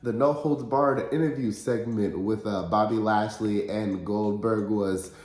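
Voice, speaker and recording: A man's voice: on the low side, steady tone, a little slow, darkish tone, soft background music. A man hosting a podcast, giving blunt, conversational opinions in a casual recap. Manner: blunt, conversational, frank opinions with filler words. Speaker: podcast host. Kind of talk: casual wrestling recap commentary. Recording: roomy echoey room.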